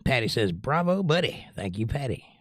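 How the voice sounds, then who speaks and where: A man's voice: medium pitch, moderate pace, dry recording, studio quality. An older man hosting a music livestream, reading viewers' comments aloud in a casual, joking way. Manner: animated, reads chat aloud and jokes.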